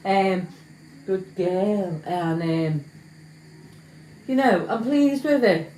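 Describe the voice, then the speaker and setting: A woman's voice: medium pitch, animated, slow, a little mellow, slight background noise. Woman, home cooking vlogger, self-mocking chatter to viewers, echoey kitchen, clanking pots. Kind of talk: casual cooking vlog. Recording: echoey kitchen with clattering pans.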